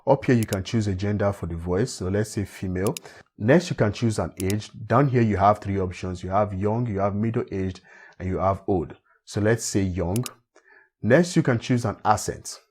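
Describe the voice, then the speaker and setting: Male tutorial host, husky tone, patient step-by-step explainer. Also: on the low side, normal speed. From Africa. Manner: steady step-by-step walkthrough, repeats phrases. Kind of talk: screen-recorded software tutorial.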